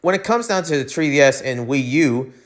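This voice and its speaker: The American host of a one-man podcast rants with mounting heat and emphasis, rambling through fillers and restarts. His slightly high voice moves fairly quickly with lively intonation.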